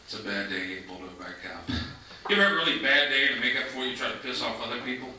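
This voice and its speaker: A man doing a stand-up comedy set on a club stage, telling stories in a deadpan way and slipping into mock voices for other people. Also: medium pitch, racing. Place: comedy club stage before a live audience. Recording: echoey 1990s club recording from a distance, noisy. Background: audience laughter.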